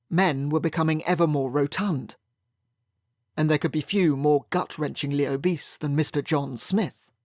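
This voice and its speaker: A man's voice: on the high side, no room sound, clean studio sound. A man narrating a first-person mystery audiobook in a wry, sardonic manner.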